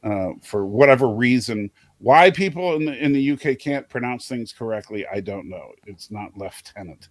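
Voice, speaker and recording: A man's voice: medium pitch, animated, moderate pace, hardly any pauses, no echo. A man hosting a livestream and chatting casually about a show, teasing his co-host and stumbling over restarts. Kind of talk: casual show discussion with chat.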